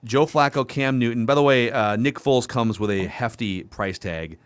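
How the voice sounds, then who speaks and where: A man's voice: mid-range voice, normal speed, smooth, no echo. A man co-hosting a sports podcast, talking casually and thinking aloud with frequent questions. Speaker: podcast co-host.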